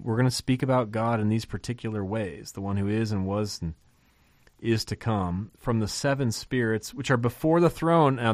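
Low-voiced man teaching casually. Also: no echo. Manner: conversational, asks and answers his own questions. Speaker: Bible study podcast host.

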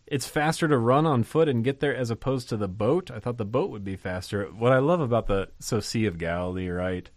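A man's voice: medium pitch, brisk, hardly any pauses, no room sound. A man teaching from the Bible in a conversational way, reading verses aloud and asking the listeners rhetorical questions with enthusiasm. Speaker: pastor.

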